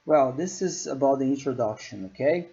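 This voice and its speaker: A man's voice: mid-range voice, animated, moderate pace, creaky, warm tone. A man gives an English lesson in a patient, repetitive way and checks in with the listener after each point. The sound is dull and lo-fi. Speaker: English teacher. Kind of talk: giving feedback on a recorded presentation.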